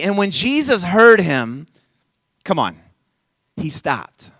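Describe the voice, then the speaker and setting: A man preaching an energetic youth sermon at a camp session, playfully coaxing the audience to call back lines. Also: fairly high pitch, a little slow, no echo. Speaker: camp speaker.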